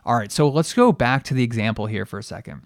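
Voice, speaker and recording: A man's voice: mid-range voice, expressive, quick pace, no room sound, clean studio sound. A man hosting a podcast, a periodontist giving a conversational coaching monologue to dental teams, asking rhetorical questions and poking fun at himself.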